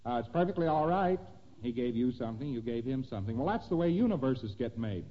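A man giving a lecture, talking through diagrams in a conversational, animated way and checking that listeners follow. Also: medium pitch, quick pace. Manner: conversational, animated, asking "see that?". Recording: dull lo-fi recording in a reverberant hall.

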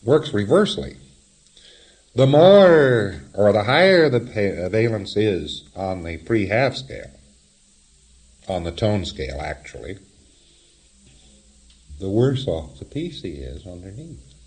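A man's voice: on the low side, big pitch swings, slow pace, long pauses, darkish tone. A man lecturing in a wry, explanatory way, often chuckling at his own examples. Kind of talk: recorded lecture.

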